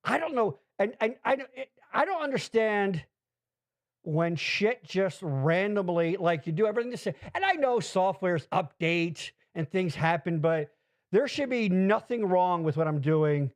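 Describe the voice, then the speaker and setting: A man's voice: sits high, a little slow, dry recording. A man hosting a live-streamed show, rambling and swearing in casual chat. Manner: rambling, swears freely, animated. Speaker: podcast host.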